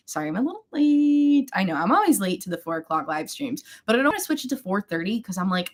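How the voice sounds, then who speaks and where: A woman's voice: mid-range voice, animated, brisk. A young woman chatting casually with viewers while doing her makeup on a livestream, rambling and greeting people by name. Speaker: beauty livestream host.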